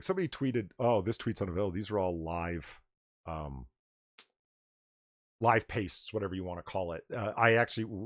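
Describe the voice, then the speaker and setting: A man's voice: on the low side, dry recording, studio quality. A man hosting a casual livestream chat, sarcastic and profane. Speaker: host.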